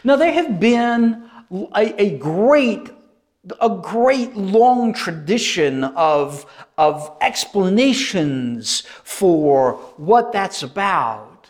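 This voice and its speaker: A male preacher giving a sermon, animated and emphatic, repeating phrases for effect. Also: high voice, very slow.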